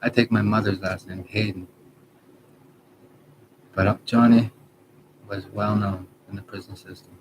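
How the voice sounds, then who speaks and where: Man, 30s, deep and monotone, halting rambling monologue, noisy background. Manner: halting, trails off, many restarts and self-corrections. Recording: background noise.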